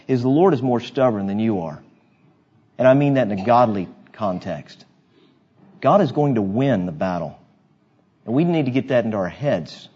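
A man's voice: medium pitch, a little mellow, husky. Emphatic preaching man, muffled recording. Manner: emphatic, conversational preaching with asides to the congregation. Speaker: pastor. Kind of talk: sermon.

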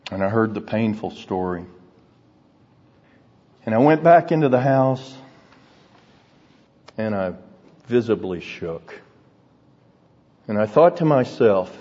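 Slow, husky male preacher in a hall. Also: mid-range voice. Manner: earnest, deliberate storytelling that drops to hushed, grave tones. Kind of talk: sermon. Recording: dull recording in a reverberant hall.

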